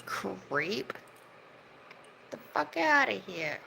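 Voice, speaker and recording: A woman's voice: mid-range voice, big pitch swings, extremely slow, gravelly, sharp tone, a little hiss or hum, low-quality recording. A woman livestreaming, ranting heatedly at her viewers' comments and swearing as she scolds them. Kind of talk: livestream rant at chat.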